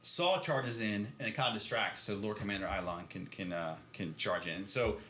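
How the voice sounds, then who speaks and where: A man's voice: on the low side, moderate pace, a bit bright, reverberant, slight background noise. A man co-hosting a podcast, recapping a book in a rambling, filler-heavy way and often laughing. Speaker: podcast co-host. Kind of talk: casual chat recapping a book.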